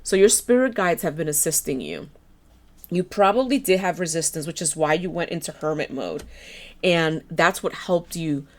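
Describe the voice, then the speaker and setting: A woman with a low, deep voice gives a tarot reading, gentle and encouraging as she turns the cards. Her voice is a little hoarse. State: slightly hoarse. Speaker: tarot reader.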